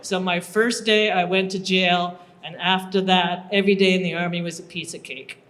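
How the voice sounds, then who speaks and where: A woman telling a humorous personal story live on a bar stage, animated and acting out her own part. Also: lowish voice, moderate pace, slight background noise.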